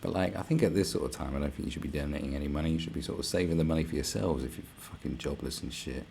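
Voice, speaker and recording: An extremely low, creaky man's voice with a darkish tone races along over a slight hiss or hum. He's hosting a live stream and ranting casually, swearing a lot, tossing off sarcastic asides, and mocking people in put-on voices.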